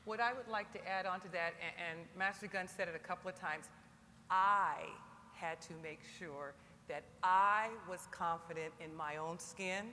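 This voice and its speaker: A woman speaking on a senior enlisted panel in an emphatic, motivational way, building to animated exhortation. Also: fairly low pitch, normal speed. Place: large conference hall. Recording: long hall reverb with faint crowd noise.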